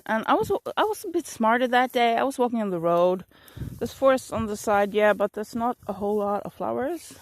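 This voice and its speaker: A woman's voice: mid-range voice, no echo. A middle-aged woman telling a rambling, sarcastic story outdoors while out of breath and coughing from allergies. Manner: sarcastic, rambling, laughs at herself. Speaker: vlogger. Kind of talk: casual storytelling while walking. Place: outdoors on a walk.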